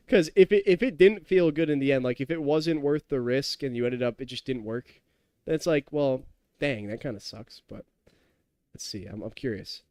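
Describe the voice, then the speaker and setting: Recorded dry at studio quality, a young man with a mid-range, darkish voice talks at a moderate pace while streaming a game. He's tipsy, chatting loosely, rambling, laughing, storytelling and reading chat.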